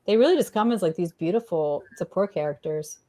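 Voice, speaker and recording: A woman's voice: lowish voice, animated, a little fast, dark tone. Casual bubbly woman co-host, playful voices for pets. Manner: bubbly, playfully acts out pets' thoughts in voices. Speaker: co-host of a pet healing livestream. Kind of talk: casual chat.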